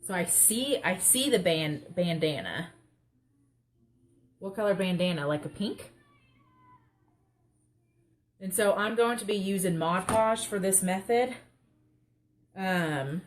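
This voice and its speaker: A woman's voice: mid-range voice, expressive, slow, pauses often. A young woman, rambling and joking through a casual live craft chat. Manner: rambling, chatty, self-mocking humor. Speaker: craft livestream host. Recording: faint background noise.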